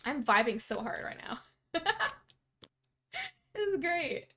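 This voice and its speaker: A woman's voice: sits high, big pitch swings, takes it slowly, sharp tone, a little hiss or hum. A young woman from Canada, a streamer chatting casually with her viewers while she plays, bubbly and giggly as she reads out their messages. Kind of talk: casual live-stream chat.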